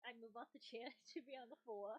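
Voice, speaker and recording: A woman from Illinois, the host's wife, making quick joking asides during a livestream. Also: a little high, dry recording, poor audio. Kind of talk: casual chat.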